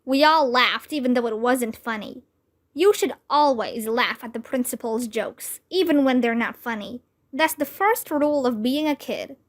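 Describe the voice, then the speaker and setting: A woman whose first language is Vietnamese reading a children's chapter book aloud in a clear, lively storytelling manner. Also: high-pitched, moderate pace. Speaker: reader.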